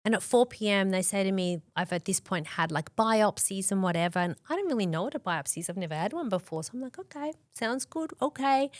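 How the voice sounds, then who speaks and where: Talking fast with hardly any pauses, a medium-pitched Australian woman in her forties shares her story candidly as a podcast guest, with no echo on the recording. She's lively, uses "like" a lot, and acts out quoted dialogue.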